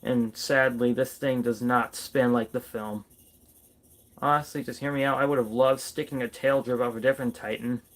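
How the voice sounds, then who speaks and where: A man's voice: mid-range voice, fairly even intonation, moderate pace, a bit bright. A man doing a casual toy review vlog, playfully chatting to his figures as if they were people.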